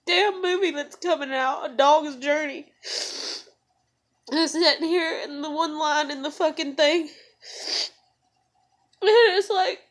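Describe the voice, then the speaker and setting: A young mother crying and venting alone at home, tearful and swearing in an emotional vlog rant. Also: very high voice. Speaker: mother vlogging.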